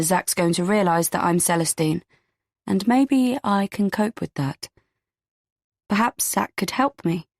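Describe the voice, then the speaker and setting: A woman with a lowish voice tells a first-person story in a steady, even way. The sound is close and dry, with no room around it. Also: dry recording. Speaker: audiobook narrator. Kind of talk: first-person scripted narration.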